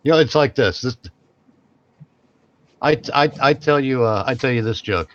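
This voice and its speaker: A man's voice: medium pitch, moderate pace, a bit bright, dull audio, a little hiss or hum. A man co-hosting a podcast in casual chat, rambling, repeating and restarting his phrases as he goes. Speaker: podcast co-host.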